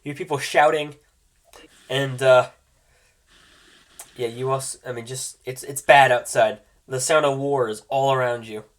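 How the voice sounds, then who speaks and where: A man's voice: mid-range voice, steady tone, measured pace, pauses often. Man running a tabletop game. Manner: frequent ums and restarts while describing scenes. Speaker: game master.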